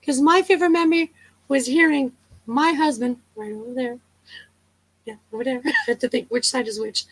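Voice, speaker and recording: A woman's voice: high-pitched, steady tone, a little fast, low-quality recording. A woman hosting a casual live chat, telling stories, chatting with viewers and laughing often. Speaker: livestream host.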